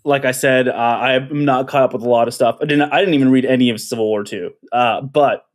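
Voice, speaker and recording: A man in a relaxed podcast chat, calling in remotely with a medium-pitched voice. He talks conversationally, hedging his points with plenty of "like" and "uh". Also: fairly quick. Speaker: podcast co-host.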